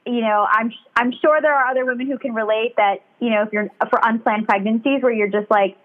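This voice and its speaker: A woman's voice: on the high side, steady tone, a little fast. Chatty young woman on a tinny line. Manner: chatty, rambling, candid. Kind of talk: candid casual chat. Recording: tinny phone-like sound.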